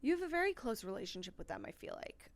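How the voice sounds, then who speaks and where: A young woman hosts a casual podcast with a slightly high voice, effusive and quick to laugh. She talks with easy enthusiasm throughout. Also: sing-song. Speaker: podcast host. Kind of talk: casual chat.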